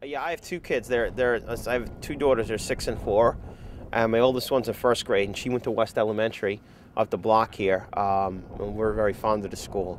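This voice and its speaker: A man's voice: on the low side, fairly even intonation, normal speed, a little hiss or hum. A man in his thirties, a father of two, speaking conversationally with frequent ums. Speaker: parent and resident. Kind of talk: casual interview.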